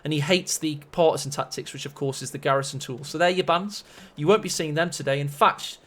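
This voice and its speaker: A man's voice: a little high, fairly quick, a bit bright. A man casting a strategy-game match on a live stream, chatty and rambling with self-mocking asides. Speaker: esports caster.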